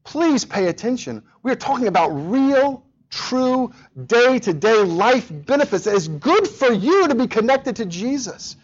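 A pastor preaching a sermon, talking straight to the congregation and to the children, in a lively, animated way. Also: male voice, very high voice, measured pace, hardly any pauses, husky, lo-fi sound. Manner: animated, speaks directly to children.

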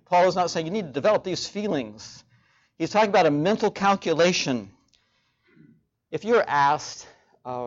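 A man delivers a sermon in a slightly higher-than-usual voice. He speaks in a measured way and returns to key phrases for emphasis. The recording sounds dull and lo-fi. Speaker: preacher.

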